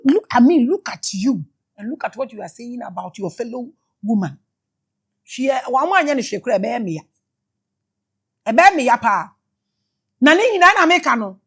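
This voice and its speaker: A Ghanaian woman giving emotional spiritual commentary, shouting exclamations and switching between English and Twi. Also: fairly high pitch, big pitch swings, normal speed, breathy edge. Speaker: spiritual teacher.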